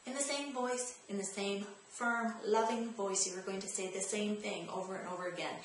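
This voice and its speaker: A woman's steady, mid-range voice at a moderate pace delivers parenting tips on her vlog, talking to the viewer head-on and restating key points like a coach. The audio carries slight background noise, heavy room echo, and faint ambience.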